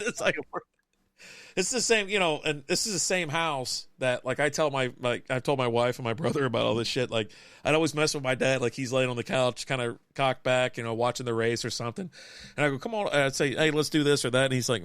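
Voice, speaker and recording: A Texan man co-hosts a casual beer podcast, his medium-pitched voice brisk, a little bright and smooth. He tells stories over drinks, laughing often and swearing freely. The recording is dry and studio quality.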